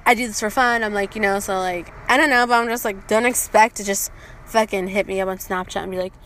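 A woman in her twenties hosting a podcast, telling stories in casual, profane, animated chat with quoted back-and-forth. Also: medium pitch, fast talker, a little hiss or hum. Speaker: podcast host.

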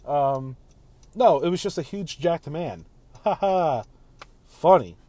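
A man's voice: fairly high pitch, lively intonation, takes it slowly, mellow, no echo, poor audio. A man in his thirties hosting a casual solo podcast while driving home, rambling in a laid-back way and swearing freely. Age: 30s. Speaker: podcast host.

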